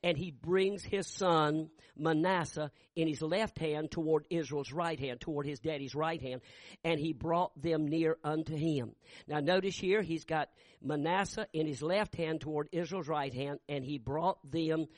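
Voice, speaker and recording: Older preacher guy, high voice, folksy, gets loud and fervent. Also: steady tone, unhurried, no room sound. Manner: fervent, shouting in peaks, folksy storytelling. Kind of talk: revival sermon.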